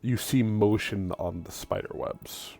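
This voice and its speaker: A man's voice: lowish voice, a little slow, gravelly, warm tone, slight background noise. A man narrating a tabletop game as game master, with joking asides to players.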